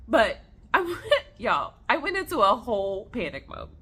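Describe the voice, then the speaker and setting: A young woman vlogger at home, casually telling a story to viewers in an animated, chatty way. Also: a little high, moderate pace, slightly rough. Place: at home on the floor with her snake.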